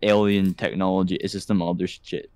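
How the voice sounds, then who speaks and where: A man's voice: low voice, level tone, a little fast, a little mellow, dry recording. A young man on a podcast, blunt and offhand in casual chat. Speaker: podcast co-host.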